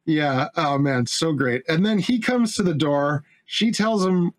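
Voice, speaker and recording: A man with a somewhat high voice chats about a film. He swears and laughs as he goes, and acts out the characters' lines himself. His casual, animated retelling jumps from scene to scene. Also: a little slow. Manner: animated, profane, laughing storyteller who acts out the dialogue.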